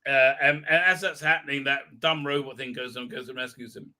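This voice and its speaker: A man's voice: medium pitch, steady tone, brisk, pushed and bright. A man hosting a livestream, giving rambling, exasperated, crude fan commentary full of fillers. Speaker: livestream host.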